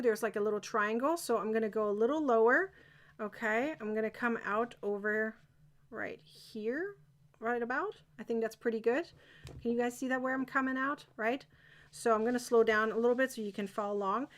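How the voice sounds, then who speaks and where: A woman's voice: fairly high pitch, a bit bright. A woman teaching a live crochet-along, chatty and encouraging, often checking that viewers are following.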